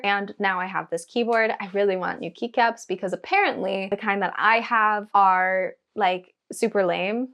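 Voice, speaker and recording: A woman vlogger talking casually and enthusiastically to camera, with frequent filler words. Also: medium pitch. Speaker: writing vlogger.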